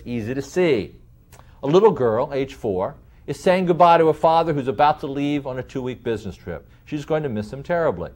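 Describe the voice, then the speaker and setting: A man lecturing in a deliberate way, slowing down to stress key terms and explaining with vivid everyday examples. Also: a little high, darkish tone.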